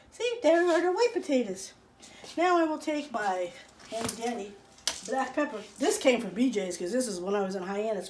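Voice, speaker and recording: A woman chatting playfully as she cooks in a home kitchen, filling pauses with little nonsense sounds. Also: a little high, darkish tone, recorded from a distance, a little hiss or hum. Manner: chatty, playful, fills gaps with blah blah and la la. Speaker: home cook. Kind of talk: casual cooking vlog. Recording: roomy sound from off the mic, faint ambience.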